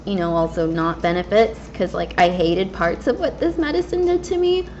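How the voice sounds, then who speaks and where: This gaming vlogger, a woman in her twenties, has a fairly low, darkish voice with lively intonation and a moderate pace. She chats candidly about personal things while she plays, rambling with lots of fillers. It's recorded on a slightly dull lo-fi mic with faint hiss behind her.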